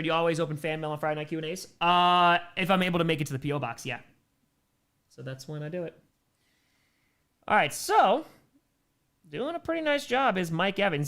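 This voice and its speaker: Young male livestream commentator, bright and forceful tone, relaxed chat mixed with excited calls. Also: a little high. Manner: casual, answers viewer chat between plays, bursts of excitement on big plays. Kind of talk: live play-by-play and chat reactions.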